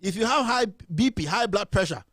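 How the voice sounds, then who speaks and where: A man's voice: high-pitched, animated, fairly quick, fairly bright tone, dry recording, clean studio sound. A man with a Ghanaian accent ranting in impassioned, indignant political commentary as a host.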